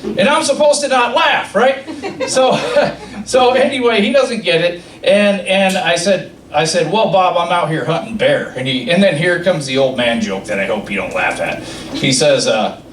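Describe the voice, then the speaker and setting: A man's voice: sits high, animated, moderate pace, a bit bright, far from the mic, slight background noise. A man doing a stand-up comedy set, telling rambling stories and laughing at his own jokes. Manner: rambling, self-amused storytelling. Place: comedy club stage. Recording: roomy club sound from off mic.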